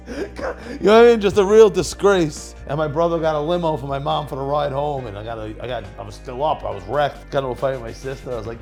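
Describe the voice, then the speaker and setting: A man's voice: medium pitch, a little fast, music in the background. A man, telling crude, rambling stories as he hosts a comedic cooking show, laughing at his own jokes.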